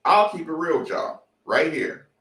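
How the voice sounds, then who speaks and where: Man, sports talk host, heated profane rant, high voice, echoey, off-mic. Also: expressive, a little slow, pushed and bright, far from the mic. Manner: fired-up, profane, repetitive.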